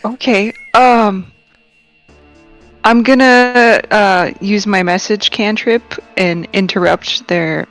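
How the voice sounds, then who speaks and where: A woman's voice: mid-range voice, steady tone, slow pace, a bit bright, faint music behind. A woman playing a tabletop role-playing game, chatting through her character's actions. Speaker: player. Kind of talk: tabletop role-play chat.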